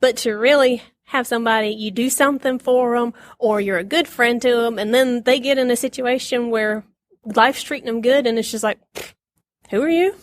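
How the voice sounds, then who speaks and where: A woman giving a casual Bible lesson, chatty and quick to laugh, acting out the lines she quotes. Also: a little high, steady tone, no echo. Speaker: Bible teacher.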